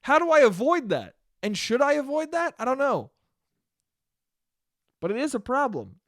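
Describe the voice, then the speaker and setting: A man's voice: very high-pitched, big pitch swings, moderate pace, no echo, studio quality. A young man hosting a solo podcast, telling a rambling, profane, self-deprecating story in a casual monologue. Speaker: podcast host.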